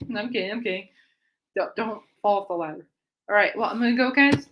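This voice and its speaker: A woman hosting her own music chat show rambles through an easygoing monologue, laughing, teasing herself and getting sidetracked often. She speaks at normal speed in an expressive, mid-range, fairly bright voice.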